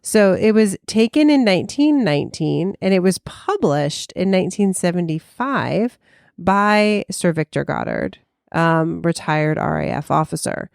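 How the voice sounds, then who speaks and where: A woman co-hosts a casual podcast, her voice sitting on the lower side and recorded dry and close. She talks in a chatty, easygoing way and laughs readily as she presents each case. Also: animated, measured pace, creaky, darkish tone, no echo. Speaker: podcast co-host.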